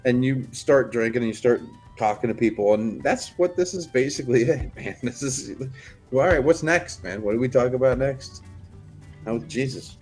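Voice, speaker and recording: A man's voice: medium pitch, lively intonation, normal speed, a little mellow, faint music behind. A man co-hosting a livestream in easygoing, rambling casual chat. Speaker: co-host.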